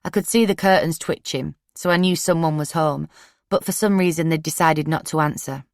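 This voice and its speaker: Low-voiced woman, dry close narration. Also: a little fast, no echo. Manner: steady, plain-spoken storytelling. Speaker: audiobook narrator. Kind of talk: first-person true crime audiobook narration.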